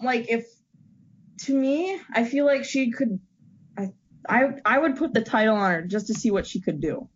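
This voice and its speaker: A woman's voice: on the high side, lively intonation, normal speed, slightly rough. A woman in casual chat who talks hesitantly, with many restarts and fillers. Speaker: co-host discussing wrestling. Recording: dull lo-fi recording.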